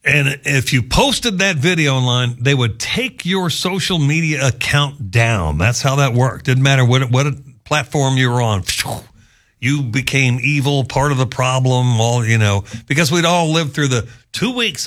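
A man's voice: medium pitch, animated, a little slow, fairly bright tone. A man hosting a talk radio show, speaking casually and sarcastically, with mocking asides. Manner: sarcastic, conversational, mocking impressions.

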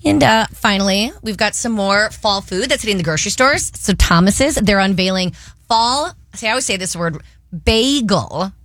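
A woman's voice: mid-range voice, animated, normal speed, a bit bright, no echo, clean studio sound. A woman with a Midwestern accent, co-hosting a radio show and reading entertainment news in a chatty, upbeat way. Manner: upbeat, chatty, laughs easily. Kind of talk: casual news chat.

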